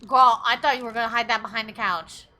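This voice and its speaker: A woman's voice: a little high, steady tone, fast, pushed and bright. A woman streaming a story game, chatting casually with her viewers, swearing, laughing and gasping often. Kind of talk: casual live-stream commentary.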